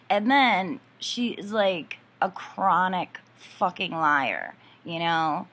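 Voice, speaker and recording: Profane, indignant woman with a bright voice. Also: fairly low pitch, animated, takes it slowly, few pauses. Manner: rambling with many fillers. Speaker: vlogger. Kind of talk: casual ranting storytime.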